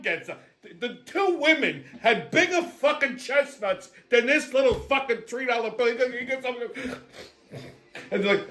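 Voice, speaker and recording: A man's voice: high-pitched, animated, moderate pace, a bit bright. A man hosting a comedic rant, profane, brash and sarcastic. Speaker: host.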